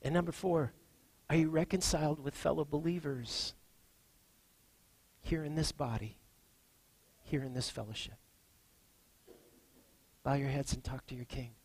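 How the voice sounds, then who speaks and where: A man preaching a sermon as pastor, earnest, reading scripture and moving between hushed and emphatic lines. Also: mid-range voice, fairly even intonation, moderate pace, long pauses, breathy edge, poor audio.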